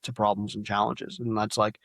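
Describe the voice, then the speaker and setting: A man's voice: lowish voice, flat delivery, a little fast, creaky, a bit bright, no room sound. A man speaking as a podcast guest in a casual, plain-spoken way, with many restarts. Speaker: guest, sales company leader. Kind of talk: podcast interview.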